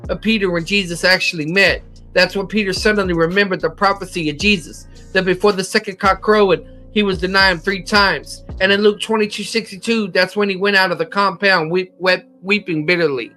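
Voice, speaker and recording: Bright, high-voiced American man teaching scripture. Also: fairly even intonation, brisk, faint music behind. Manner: methodical, cites chapter and verse, occasional slips. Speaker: Bible teacher. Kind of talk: scripture lesson.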